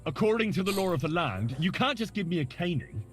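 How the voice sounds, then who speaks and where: A man's voice: high voice, very animated, brisk, soft background music. An actor playing a young man in a video game who earnestly argues his legal rights. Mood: arguing.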